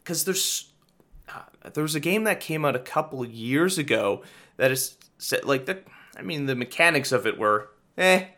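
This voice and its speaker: Bright-voiced man, hesitant casual chat. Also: fairly high pitch, lively intonation, normal speed. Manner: hesitant, trailing off.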